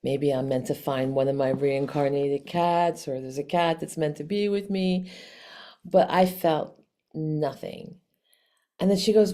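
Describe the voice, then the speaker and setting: A woman telling a personal story to camera in a casual, animated way, with frequent restarts and laughs. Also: sits low, a little slow. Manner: animated, chatty, many restarts, laughs often. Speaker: vlog host.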